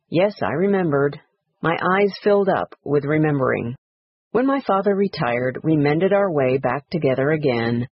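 A man reading a story aloud in a quiet, reflective, measured way, in a dry, slightly dull recording. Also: fairly high pitch, animated, breathy edge, no echo. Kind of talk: read-aloud story narration.

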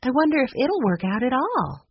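A sensible older sister in a storybook, read by a woman, practical and level, with a husky, lively voice on a dry, slightly dull recording. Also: high voice, normal speed, dry recording, voice pushed up, full character voice.

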